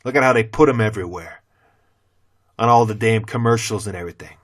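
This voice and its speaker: A middle-aged man, a former teacher, delivering a blunt, profane opinion rant to the camera with heavy cursing and sudden loud swings into mockery. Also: lowish voice, quick pace. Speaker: former teacher turned channel host.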